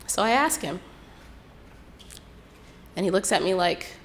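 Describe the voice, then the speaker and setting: A young woman tells her own story in a slow, reflective way, her voice sitting a little low. She shifts into quoted lines as she goes, and a faint hiss of background noise runs beneath her. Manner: unhurried, reflective retelling with quoted dialogue. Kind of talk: personal storytelling.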